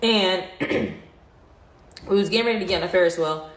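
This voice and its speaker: A woman's voice: fairly low pitch, normal speed. Young woman telling a story, echoey room. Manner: emotional, rambling, many "like" fillers. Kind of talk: casual storytelling to viewers. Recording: distant, very echoey room, faint noise.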